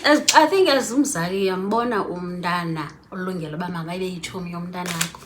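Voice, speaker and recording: A woman's voice: on the low side, a little fast, very noisy. A woman, a mother chatting with her teenage daughter in short, dry, teasing remarks. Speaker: mother co-host. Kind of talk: casual chat.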